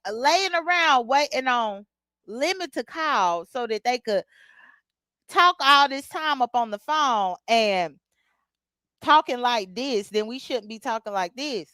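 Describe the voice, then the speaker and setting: A woman's voice: high voice, lively intonation, a little slow, fairly bright tone, no echo. A woman hosting a casual livestream, talking bluntly with features and greeting chat viewers by name. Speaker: livestream host. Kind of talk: casual live commentary.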